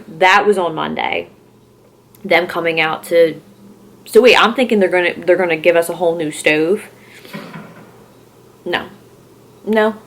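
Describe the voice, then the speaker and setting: A young woman from Philadelphia telling a rambling story on her vlog, with lots of "like" and swearing. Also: fairly low pitch. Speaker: horror vlogger.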